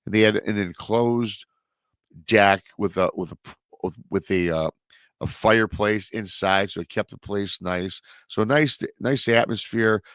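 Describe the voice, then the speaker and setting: A man's voice: fairly low pitch, fairly bright tone, no echo. A male host telling a story in a casual, rambling way, full of restarts and stock filler phrases. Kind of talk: casual storytelling on a live show.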